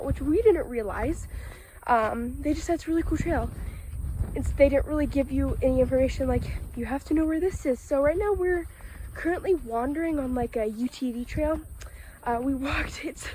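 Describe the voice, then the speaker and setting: A woman with a high, bright-pitched voice talks to her handheld camera on an outdoor trail. Her talk is casual and chatty, full of restarts. A faint hiss of wind sits behind her. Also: poor audio. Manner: chatty, rambling, with frequent restarts and laughs. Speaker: family vlogger. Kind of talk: casual outdoor vlog narration. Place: outdoors on a windy hiking trail.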